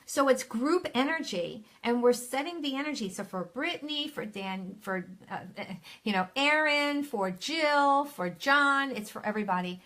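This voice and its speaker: Soothing spiritual coach, fairly high voice. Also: female voice, animated, normal speed, fairly bright tone. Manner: soothing, affirming, addresses viewers by name; reads viewer comments aloud. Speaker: spiritual coach hosting a live Q&A. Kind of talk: live-stream advice session. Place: at home.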